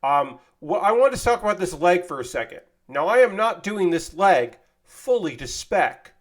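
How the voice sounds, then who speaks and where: A man's voice: high-pitched, very animated, moderate pace. A man chatting casually on a livestream while building a model kit, thanking viewers by name and joking to himself. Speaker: streamer building model kits.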